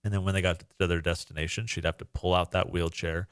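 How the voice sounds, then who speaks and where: Very deep-voiced earnest man. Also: little pitch movement, fast talker, no room sound, studio quality. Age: adult parent. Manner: earnest, emotional, rambling with fillers. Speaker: podcast co-host. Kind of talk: casual conversational storytelling.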